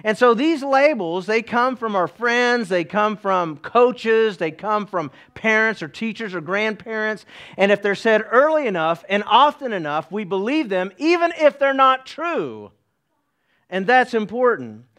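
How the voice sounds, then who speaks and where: A man's voice: high-pitched, very animated, measured pace, fairly bright tone. A middle-aged man from East Tennessee, preaching a sermon in a folksy way with joking asides to the congregation. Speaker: pastor.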